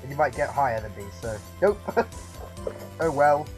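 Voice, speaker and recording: Mellow, giggly man player. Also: medium pitch, big pitch swings, moderate pace, faint music behind. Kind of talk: playing a tabletop game.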